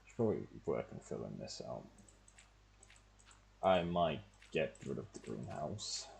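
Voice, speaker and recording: A man's voice: very deep voice, sing-song, a little slow, gravelly, a little mellow. A man, casually talking to himself as he plays a game on stream. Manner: muttering thoughts to himself while playing. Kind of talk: casual gameplay commentary.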